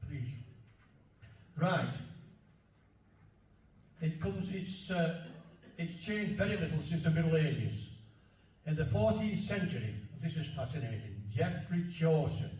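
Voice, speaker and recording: A man's voice: fairly high pitch, mellow, slight background noise. An older man with a Barnsley Yorkshire accent giving a chatty talk to an audience, folksy and anecdotal, repeating himself as he goes. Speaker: local speaker on dialect. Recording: roomy hall from far off.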